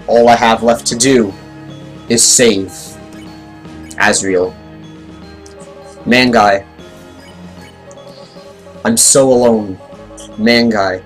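A man's voice: lowish voice, steady tone, very slow, long pauses, soft background music. A man hosting a let's play, reacting to the game in emotional, chatty commentary. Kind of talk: casual gameplay commentary.

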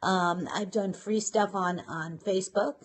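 A woman's voice: mid-range voice, steady tone, measured pace, slightly rough. A middle-aged woman from New York, hosting a casual live stream from her home office, chatting, laughing and greeting viewers by name. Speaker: livestream host.

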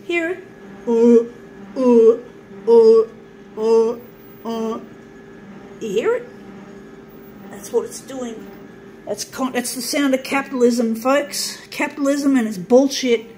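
Talking to viewers over a running copier, a vlogger with an Australian accent rants casually, grumbling with sarcasm and plenty of profanity. She has a high, darkish voice and takes her time. Audio quality is poor, with a little hiss or hum.

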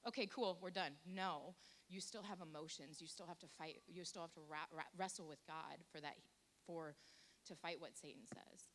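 A woman's voice: sits low, fairly even intonation, moderate pace, a bit bright. A woman giving a candid, self-deprecating personal testimony to a church congregation, full of jokes. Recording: faint hiss.

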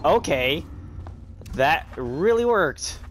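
A man's voice: a little high, sing-song, extremely slow, a little hiss or hum. A young man giving casual commentary while playing a horror game, reacting and swearing a lot. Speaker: gamer.

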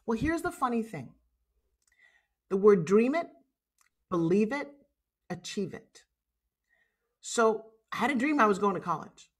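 A woman in her sixties from New York, with a New York accent, telling personal stories as a guest speaker in a lively, blunt, salty way over a video call. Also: a little high, measured pace, pauses often, breathy edge. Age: 60s. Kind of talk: personal storytelling.

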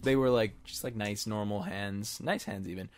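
A man's voice: on the low side, normal speed, slight background noise. A man narrating a tabletop game as game master in a casual, laid-back way.

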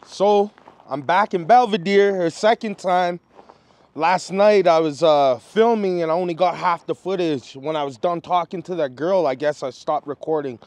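Brief: man, street vlogger, relaxed and chatty, higher than usual voice, outdoors. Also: moderate pace, no room sound. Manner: easygoing, says "yeah" and "man" a lot. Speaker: vlogger and rapper. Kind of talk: casual street interviews.

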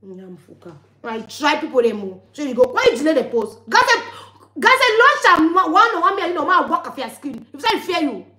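In an echoey room, a woman vlogger speaks a little fast in a high, very animated voice that sounds pushed and bright. She has a West African Pidgin English accent and rants at her viewers in a heated, scolding monologue full of repeated warnings.

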